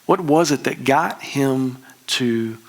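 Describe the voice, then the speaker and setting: A man, preaching a conversational, emphatic sermon as a pastor with quick restarts. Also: medium pitch.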